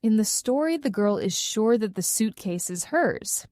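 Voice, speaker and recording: Slow, expressive woman story narrator. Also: medium pitch, no room sound, studio quality. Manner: clear, carefully paced, expressive. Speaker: narrator for English learners.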